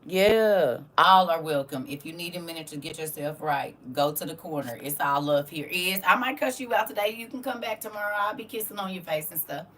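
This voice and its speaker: A woman who teaches the Bible online speaks a little fast with a fairly low, slightly bright voice, barely pausing, and she sounds recorded from a distance. In casual livestream chat she reads viewer comments, speaking emphatically and repeating herself to drive points home while asking "you hear me?" again and again.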